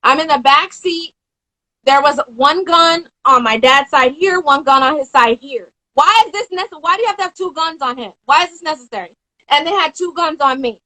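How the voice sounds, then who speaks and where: A young woman in her twenties, interviewed on an informal live stream by phone or video call, tells an animated story and quickly slips into impressions of the people involved. Her voice sits high, and the audio is poor.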